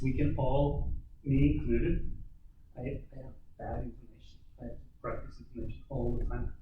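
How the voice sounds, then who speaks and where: A man coaching a violin student, encouraging and halting, often restarting his sentences. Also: mid-range voice, a little mellow, muffled recording, a little hiss or hum. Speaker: violin teacher. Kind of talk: one-on-one lesson feedback. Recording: very echoey, distant mic, violin playing.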